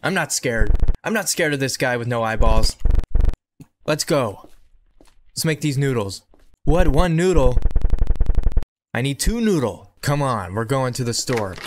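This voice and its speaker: A man giving excitable horror game playthrough commentary, talking back to the game and repeating himself. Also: medium pitch, a little slow, long pauses. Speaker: gaming video creator. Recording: noticeable background noise.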